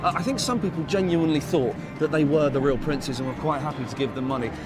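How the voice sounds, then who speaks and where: A man's voice: a little high, fast. An English man hosting a comic show on location, sarcastic and teasing in his banter. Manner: sarcastic, mock-posh banter. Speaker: host.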